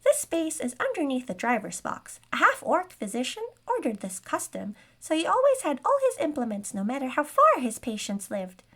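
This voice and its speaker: A woman voicing a smug, grumpy older male gnome merchant with a squeaky voice. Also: huge pitch swings, normal speed, few pauses, fairly bright tone, heavily acted. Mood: boastful. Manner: huffy and boastful.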